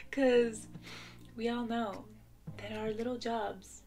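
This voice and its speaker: A woman's voice: a little high, fairly even intonation, very slow, mellow. A young woman chatting casually to camera in her bedroom, rambling and giggling between asides. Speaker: vlogger. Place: bedroom at home. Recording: music playing in the background.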